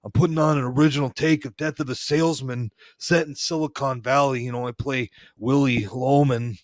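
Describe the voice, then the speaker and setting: A man co-hosting a comedy podcast, telling a meandering story in character and filling every pause with "you know". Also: medium pitch, steady tone, no room sound, studio quality. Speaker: podcast co-host.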